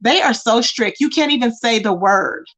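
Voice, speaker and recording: A woman's voice: on the high side, normal speed, a bit bright. A woman hosting a casual live stream, chatting with viewers and reading their comments, calling them baby and child.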